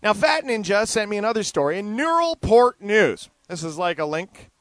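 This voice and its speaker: A man hosting his own show, reading out news stories and commenting on them, animated and sardonic, swinging between loud outbursts and muttered asides. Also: high voice, normal speed, no echo. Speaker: podcast host.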